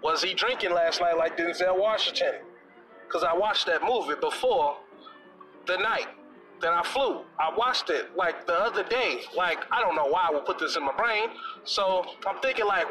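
A man telling a comic story in an animated, exaggerated, slangy way, with music playing underneath. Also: high-pitched, normal speed, low-quality recording.

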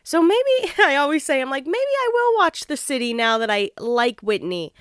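A woman's voice: sits high, very animated, normal speed, a bit bright, no room sound, studio quality. A woman casually recapping a reality show, blunt and opinionated, swearing and laughing as she talks.

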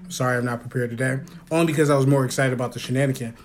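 A man's voice: mid-range voice, fairly even intonation, very fast, a little hiss or hum. A man hosting a casual podcast, loose and joking, laughing often and swearing freely. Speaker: podcast host. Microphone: phone.

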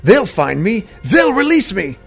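A vicious male necromancer and crime boss, as a man puts him on for a fantasy storybook reading. He stretches his threats out slowly and pushes them up into shouts. A faint music bed plays under him. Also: sits high, big pitch swings, gravelly, pitched above the performer's own voice, full character voice. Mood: defiant threatening. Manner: slow, drawn-out threats, shouting. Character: evil crime lord necromancer, defiant and snarling.

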